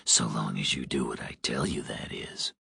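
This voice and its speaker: A man doing a hoarse whispering phone menace. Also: rumbling low, pushed and bright, no room sound, studio quality, pitched below the performer's own voice, full character voice. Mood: menacing. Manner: slow, threatening.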